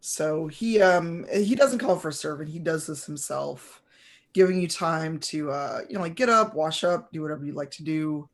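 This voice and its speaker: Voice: medium pitch, normal speed. A game master narrating a tabletop game in a rambling way, full of fillers and restarts.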